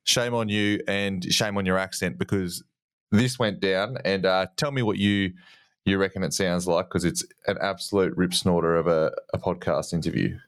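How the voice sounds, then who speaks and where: A man's voice: deep voice, fairly even intonation, normal speed, smooth, no echo, studio quality. An Australian man co-hosting a podcast, telling rambling stories and ribbing his friends in casual banter. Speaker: podcast co-host.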